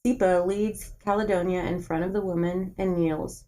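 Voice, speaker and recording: A woman's voice: lowish voice, fairly even intonation, moderate pace, few pauses, warm tone, poor audio. Woman podcast co-host, plain read-aloud narration with casual asides. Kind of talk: reading a book aloud with casual chat.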